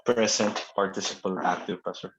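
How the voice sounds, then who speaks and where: A man's voice: low-pitched, steady tone, normal speed. A man answering a teacher's question politely and hesitantly in an online class. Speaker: student. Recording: noisy call audio.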